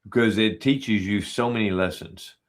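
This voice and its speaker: A man talking casually as a podcast guest, telling stories in a relaxed way and voicing the lines he quotes. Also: on the low side, moderate pace. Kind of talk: casual conversation.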